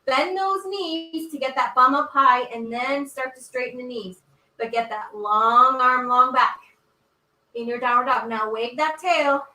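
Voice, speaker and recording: Woman, storytime yoga teacher, encouraging, bright tone, echoey indoor room. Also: high-pitched, measured pace, distant mic. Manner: encouraging, cheerful, speaks to children. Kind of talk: storytime reading with yoga instruction. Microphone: camera mic.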